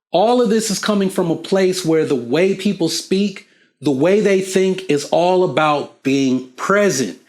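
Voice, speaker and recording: A man hosting a casual explainer video, talking straight to the viewer in an animated way and acting out small dialogues. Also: fairly high pitch. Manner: animated, acts out little back-and-forth dialogues; asks the viewer questions. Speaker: video host.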